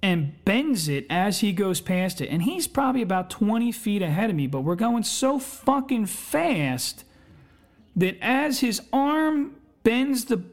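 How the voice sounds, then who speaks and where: This is a podcast host spinning a long story in a loose, rambling way. The speech is packed with swearing and fillers, and the pitch sits at an ordinary middle level. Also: sing-song, a little slow. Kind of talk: casual storytelling.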